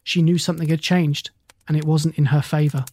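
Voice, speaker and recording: Storybook narrator, even steady telling, dry close sound, mid-pitched voice. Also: fairly quick, slightly rough, dry recording. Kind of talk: storybook reading.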